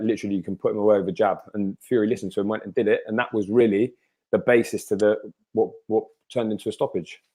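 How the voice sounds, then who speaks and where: A man talking as a boxing pundit in a casual chat, with brisk and punchy storytelling. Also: fairly low pitch, fairly even intonation, warm tone.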